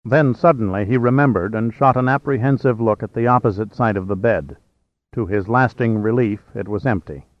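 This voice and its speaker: A man narrating a novel as an audiobook reader in a steady, measured way. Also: fairly low pitch, no room sound. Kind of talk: scripted narration. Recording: slightly dull, dry.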